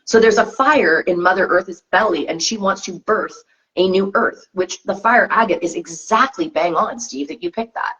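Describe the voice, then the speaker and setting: A woman's voice: mid-range voice, normal speed, a bit bright. A woman co-hosting a spiritual tarot chat, talking earnestly in repeated coaching phrases over a video call. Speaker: co-host of tarot reading show. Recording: slightly dull lo-fi sound.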